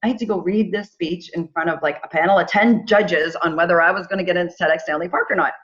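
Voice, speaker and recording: A middle-aged woman tells a personal story as a podcast guest. She talks in a lively, animated way and slips into quoted voices for the people in it. The recording sounds dull and lo-fi. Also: on the low side, fast talker. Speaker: podcast guest, charity founder. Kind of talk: casual storytelling.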